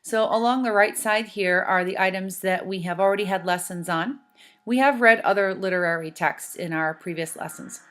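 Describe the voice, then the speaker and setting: A woman teacher in a recorded lesson, giving slow, deliberate instructions and spelling out sounds. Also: mid-range voice, fairly bright tone.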